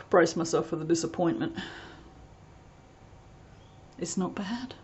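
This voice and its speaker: A woman's voice: lowish voice, slow, a little hiss or hum. A woman chatting casually as she reviews soap fragrances, rambling and reading product blurbs aloud. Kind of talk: casual unboxing chat.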